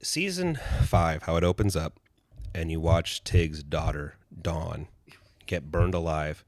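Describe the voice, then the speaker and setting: A man co-hosting a podcast, talking casually and profanely about TV, acting out quotes loudly. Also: extremely low pitch, expressive, slow. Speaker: podcast co-host.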